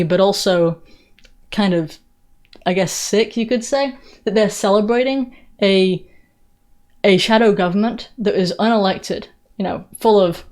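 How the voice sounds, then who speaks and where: A woman's voice: mid-range voice, a little mellow. Sarcastic woman with an English-Southern accent. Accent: blended English and American Southern. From England. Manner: sarcastic, mocking, with frequent restarts. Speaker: political commentator. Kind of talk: live-stream commentary answering viewer questions.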